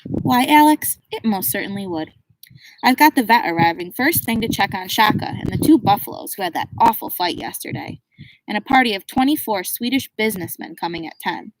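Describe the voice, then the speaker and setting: A woman's voice: medium pitch, lively intonation, a little fast, a little hiss or hum, voice pushed up, natural voice, rough recording. A woman reading a proper, slightly fussy elderly grandmother in an audiobook. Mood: gracious. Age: older. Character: brisk, proper grandmother running a game reserve.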